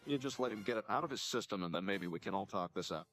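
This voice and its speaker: A synthetic man's voice playing a calm, placating cartoon neighbor. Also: on the low side, fast, soft background music.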